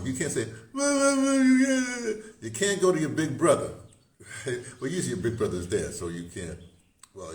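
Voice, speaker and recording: A man talking casually to camera, rambling and chuckling at his own jokes. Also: mid-range voice. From United States. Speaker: vlogger. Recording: roomy echo with faint noise.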